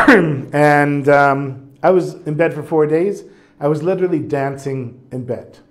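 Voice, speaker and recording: A man teaches a religious text class. His voice sits a little high, and he reads lines aloud before turning to easygoing spoken explanation. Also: unhurried, a bit bright. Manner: casual, reads Hebrew passages then translates. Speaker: Torah teacher.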